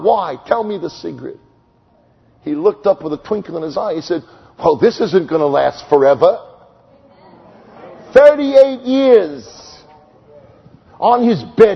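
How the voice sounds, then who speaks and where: A man preaching an evangelistic sermon, telling stories with sudden swings from loud high exclamations to hushed slow tones. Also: gravelly, husky. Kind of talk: sermon with storytelling. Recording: long hall reverb, dull lo-fi sound.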